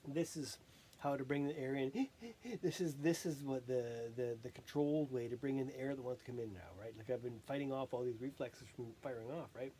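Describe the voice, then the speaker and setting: A person rambling through a self-recorded monologue, halting and often breaking into laughter while catching their breath. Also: medium pitch, steady tone, dark tone, slight background noise.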